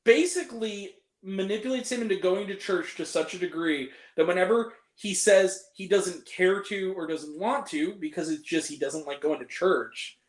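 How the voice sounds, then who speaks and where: A man's voice: sits high, normal speed, few pauses, echoey room. A young man hosting a casual film review chat, ranting and swearing freely as he picks apart the movies he hated. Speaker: host.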